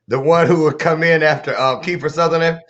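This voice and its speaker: A man hosting an interview, chatty and affirming, with quick reactions to his guest. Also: on the high side, steady tone, a bit bright, highs cut off. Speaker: host.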